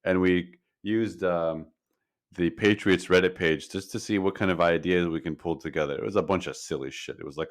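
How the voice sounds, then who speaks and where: A man's voice: low-pitched, moderate pace. A man co-hosting a sports podcast, talking casually in a blunt, dismissive way. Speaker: podcast co-host.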